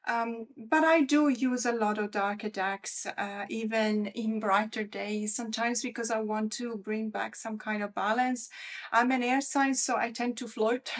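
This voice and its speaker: A woman hosting a casual vlog, chatting in a rambling way with lots of fillers and restarts. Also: fairly high pitch. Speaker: tarot channel host. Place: lives in Australia.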